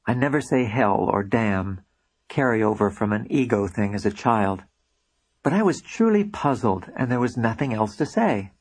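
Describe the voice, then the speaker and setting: A man's voice: fairly low pitch, animated, normal speed. A man narrating his own book in a reflective first-person storytelling manner. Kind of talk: audiobook narration.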